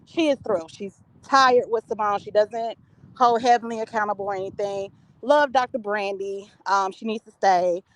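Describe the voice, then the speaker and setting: A woman's voice: medium pitch, moderate pace, low-quality recording. A woman calling in to a live show, giving blunt, chatty opinions with lots of filler words. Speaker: caller. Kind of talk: casual call-in opinions.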